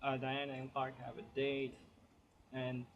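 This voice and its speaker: A man's voice: medium pitch, monotone, a little slow, muffled recording. A man giving a casual spoken comic book review, chatty and rambling as he retells the plot.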